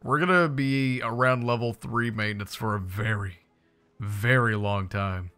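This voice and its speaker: Young male gaming streamer, bright animated delivery, excitable and jokey, faint music bed. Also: lowish voice, measured pace, smooth. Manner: playful, excitable, jokey asides to viewers. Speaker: gaming YouTuber. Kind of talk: casual gameplay commentary.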